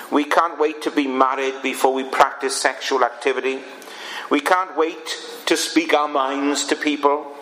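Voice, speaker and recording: A man delivering a sermon at a slow, measured pace, leaving emphatic pauses between phrases. His voice sits a little higher than most men's. A faint hum of ambience sits behind him. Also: a bit bright, rough recording. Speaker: preacher.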